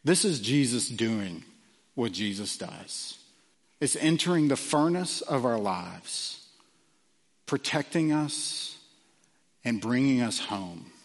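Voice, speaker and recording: A man preaching a sermon earnestly, with frequent fillers and quiet drops for emphasis. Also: medium pitch, lively intonation, slow, pauses often, big-room sound. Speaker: pastor.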